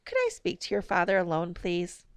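A woman voices a stern, exasperated mother who is curt and controlled, speaking tersely with cross edges. Her smooth, resonant voice is fairly low with huge pitch swings at normal speed, recorded close and dry with no room sound.

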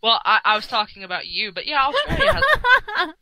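A woman co-hosting a casual internet radio chat and telling stories with excited exclamations. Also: on the high side, brisk, no room sound. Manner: animated storyteller, bursts into excited exclamations. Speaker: co-host. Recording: dull, lo-fi online audio.

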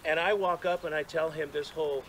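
A man's voice: fairly high pitch, fairly even intonation, brisk, slight background noise, rough recording. Chatty man telling a story outdoors. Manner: chatty, self-deprecating, frequent restarts and laughs. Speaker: speaker at monument dedication. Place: outdoors at a gathering.

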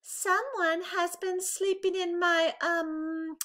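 A woman's voice: very high-pitched, steady tone, takes it slowly, a bit bright, pitched above the performer's own voice, full character voice. A woman voicing a fretful mother bear in a read-aloud storybook.

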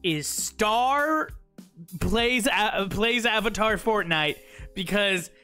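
A man's voice: sits high, lively intonation, drawn-out words, pushed and bright, clear, resonant tone, faint music behind. A man chatting playfully with his livestream chat, joking at his own expense while he plays. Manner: playful, self-mocking, talks to chat. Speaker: streamer.

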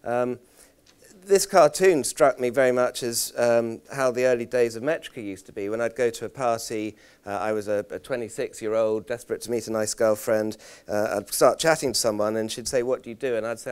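Guy running a conference workshop, smooth clear voice, stumbles and repeats himself a lot. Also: mid-range voice, a little mellow. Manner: halting, repeats words, self-deprecating anecdotes. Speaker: workshop presenter. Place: conference room.

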